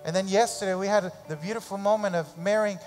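Animated male pastor in a reverberant church. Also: sits high, soft background music. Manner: animated, repeats phrases for emphasis; acts out parents' voices in quick asides. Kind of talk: sermon. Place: church sanctuary.

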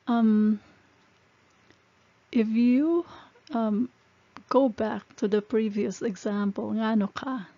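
A woman's voice: fairly high pitch, fairly even intonation, slow, pauses often, no echo. A woman teaching a language lesson, explaining phrases step by step and repeating them. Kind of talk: slow, patient language lesson. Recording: dull lo-fi sound.

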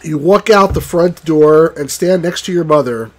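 A man reviewing a text game, reading its story aloud in a halting way and stopping to correct himself. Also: fairly high pitch. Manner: halting, stumbles and rereads words.

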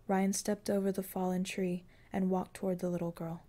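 Mellow-voiced woman narrating fiction. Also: lowish voice, level tone, moderate pace, few pauses. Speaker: audiobook narrator.

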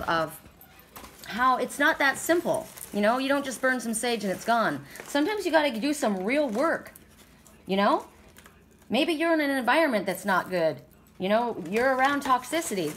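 A woman's voice: fairly high pitch, a bit bright, slight background noise. Rambling woman reading oracle cards. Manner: rambling, emphatic, many restarts. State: sore throat. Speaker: oracle card reader. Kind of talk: casual spiritual card-reading chat.

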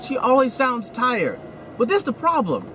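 A man's voice: very high voice, wildly swooping pitch, moderate pace, bright, forceful tone, slight background noise. Teasing male comedian host in a van. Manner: teasing, provocative banter. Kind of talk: casual comedic chat. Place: inside a van.

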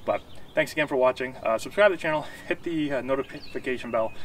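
A man's voice: mid-range voice, quick pace, a little hiss or hum. A man coaching baseball hitting, explaining and demonstrating moves while checking that viewers follow, a little out of breath. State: slightly out of breath. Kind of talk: instructional demonstration. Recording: distant outdoor camera audio, faint ambience.

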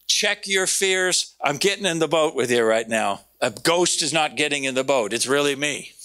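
A man preaching a sermon, animated, slowing down to stress key words and raising his voice when he quotes. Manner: animated, quoting with raised pitch, slowing for emphasis. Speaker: pastor.

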